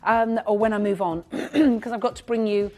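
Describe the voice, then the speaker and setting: A woman presenting live shopping TV, chatty and gushing as she reads out buyers' names, now and then clearing her throat. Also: mid-range voice, steady tone, moderate pace, a little mellow. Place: TV studio.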